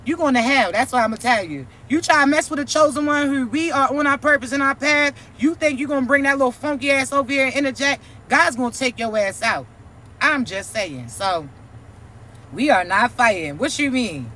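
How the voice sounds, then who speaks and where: A woman's voice: high voice, animated, fairly quick, bright, forceful tone. A woman giving a profane, preachy, mocking vlog rant as a spiritual content creator.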